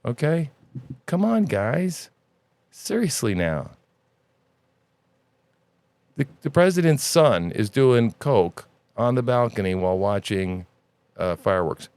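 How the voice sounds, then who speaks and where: Guy ranting on his news podcast, sarcastic, pitch swings all over, dry close mic. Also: slow, long pauses, clear, resonant tone, no echo. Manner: animated, sarcastic, profane rant. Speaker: podcast host. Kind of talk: conservative news commentary.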